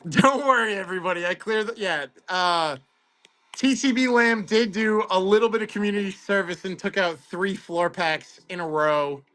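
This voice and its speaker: Excitable high-voiced male streamer. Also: normal speed. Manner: excitable, chatty, greets viewers by name. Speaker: host of a card-opening livestream. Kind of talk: casual livestream chat.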